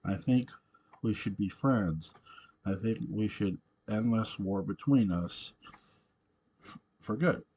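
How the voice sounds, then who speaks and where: A man voicing a remorseful man who was once possessed, pleading in a slow, halting way. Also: on the low side, mellow, slightly rough, poor audio.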